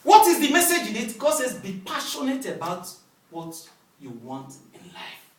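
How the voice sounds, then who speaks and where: A male pastor preaching a sermon with lively call-and-response, recorded in a church hall from a distance. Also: very high voice, moderate pace. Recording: echoey hall, distant mic, faint noise.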